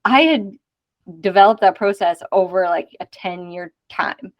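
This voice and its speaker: A woman in her thirties hosting a casual podcast interview, chatty and quick to act out conversations she has had. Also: medium pitch, lo-fi sound. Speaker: podcast host.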